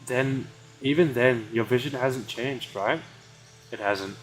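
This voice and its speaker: A man's voice: mid-range voice, soft background music, rough recording. Male streamer reading game lines aloud, casual, with asides. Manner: casual, reads lines with quick asides and stumbles.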